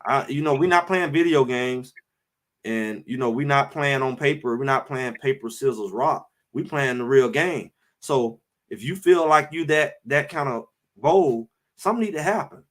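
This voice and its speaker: A man's voice: mid-range voice, normal speed, fairly bright tone. A show host delivering heated, emphatic sports talk, repeating his points. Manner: fired-up, emphatic, repeats phrases.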